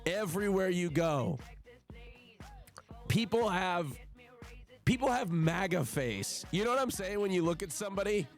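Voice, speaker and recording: A man's voice: high voice, measured pace, long pauses, soft background music. A man livestreaming in casual chat, swearing a lot and swinging into mock outrage, at his home stream setup. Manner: profane, excitable, mock-outraged.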